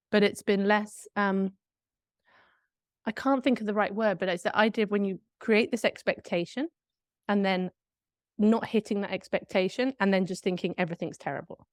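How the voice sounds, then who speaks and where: A woman's voice: mid-range voice, a little mellow, no echo, clean studio sound. A woman, co-hosting a podcast and telling a candid, reflective story in casual chat. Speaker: podcast co-host.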